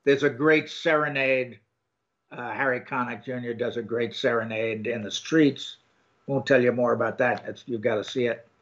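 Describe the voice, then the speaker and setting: An older man co-hosting a film review chat, talking casually and haltingly with many ums and restarts. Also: medium pitch, fairly even intonation, fairly bright tone. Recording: dull lo-fi sound.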